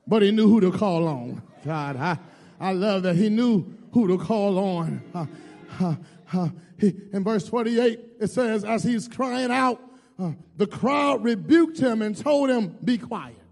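A man preaching in a church with a very high, gravelly voice that breaks into shouted calls to the congregation. His delivery lurches between low asides and loud cries, full of repeated words. The room rings with a long reverb and faint music sits underneath. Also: animated, a little slow. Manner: call-and-response preaching, shouting and dropping low. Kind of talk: sermon.

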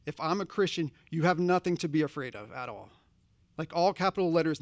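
A man's voice: fairly high pitch, fairly quick, a little mellow, no room sound. A man preaching a sermon, earnest and conversational, posing direct questions to his congregation. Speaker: pastor.

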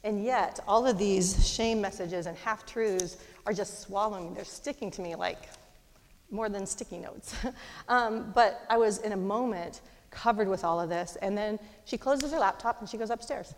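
A middle-aged woman telling a personal story in a fast, animated way, with lively voices for the people she quotes. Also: medium pitch, slight background noise. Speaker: speaker. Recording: long hall reverb.

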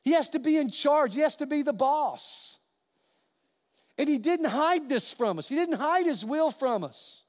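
A man delivers a sermon from the pulpit in a high, bright-pitched voice. He tells stories with animation, acting out the quoted voices. The sound carries a long reverb, like a church sanctuary. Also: expressive, measured pace. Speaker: pastor.

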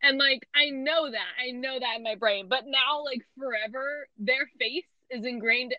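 A woman's voice: high-pitched, normal speed, no echo, lo-fi sound. A young woman co-hosting a podcast in casual chat, laughing often and saying "like" constantly. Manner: laughs a lot, says "like" constantly. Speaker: podcast co-host.

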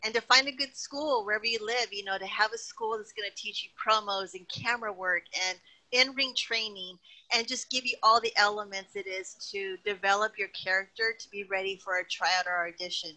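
A middle-aged woman, a retired wrestling personality, chatting as a guest in an interview and telling lively anecdotes. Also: mid-range voice, fairly quick, poor audio. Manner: animated, chatty, tells anecdotes with acted-out quotes. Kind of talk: casual interview storytelling.

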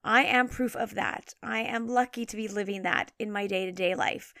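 A woman in her forties hosting a parenting podcast, talking in an energetic, encouraging and chatty way. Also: medium pitch, normal speed, gravelly, no echo, clean studio sound. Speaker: podcast host and parenting coach. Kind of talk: upbeat podcast monologue.

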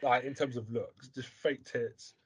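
A man's voice: mid-range voice, steady tone, unhurried, breathy edge. A man hosting a podcast, talking bluntly and provocatively in crude casual chat. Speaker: podcast host.

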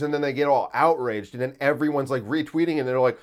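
A man's voice: medium pitch, fast, hardly any pauses. A man hosting a podcast, talking in a rambling casual monologue, full of fillers and swearing. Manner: rambling, many fillers, profane. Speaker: podcast host.

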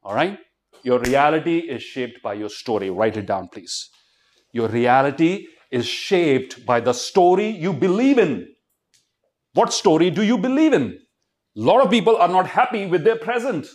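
Male motivational speaker, slightly high voice, swoops a lot, fires questions at a student crowd. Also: normal speed. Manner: animated, keeps quizzing the audience and leading call-and-response. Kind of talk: motivational talk to a student audience.

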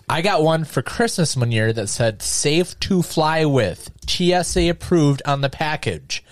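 A man's voice: on the high side, lively intonation, takes it slowly, dry recording, studio quality. A man telling casual, profane travel anecdotes in a podcast chat, acting out the people in his stories.

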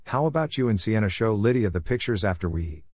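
A man reading the lines of a kindly, practical grandmother who runs a camp, in his own lowish voice. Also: lively intonation, fast, a little mellow, no room sound, clean studio sound. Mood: friendly. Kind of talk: scripted narration.

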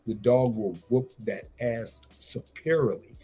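Over soft background music, a man on a radio show boasts in a rambling, slangy, swearing way about his fights and his bets. He speaks unhurriedly in a warm, medium-pitched voice with a breathy edge.

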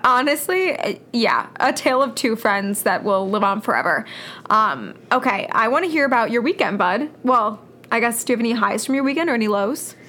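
A young woman co-hosts a casual podcast, trading jokes with her friend. Her voice sits a little high, and her delivery is loose, playful and quick to laugh. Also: expressive, pushed and bright. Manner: playful, joking, laughs often. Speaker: podcast co-host.

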